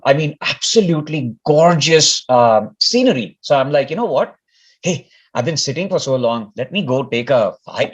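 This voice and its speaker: A man from India telling a personal story in casual talk, rambling and often restarting his words. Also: a little high. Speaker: speaker sharing a personal story. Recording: dull lo-fi recording.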